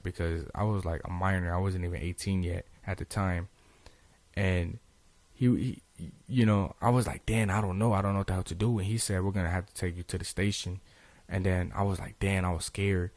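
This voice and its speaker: A young man tells a story to his viewers in a loose, slangy way, stumbling over restarts and fillers. His voice sits very low, and the sound is dry with no room around it. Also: dry recording. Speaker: vlogger. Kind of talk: casual story time.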